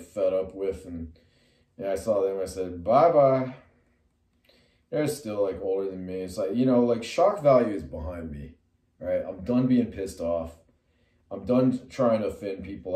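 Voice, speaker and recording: A middle-aged man with a mellow, darker voice tells a rambling personal story to camera. He drifts off on tangents, restarts his sentences and leans on fillers, then jumps up high and loud when he acts out what he said. The room is echoey and he sits some way back from the mic. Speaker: metal musician and artist. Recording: roomy sound from a distant mic.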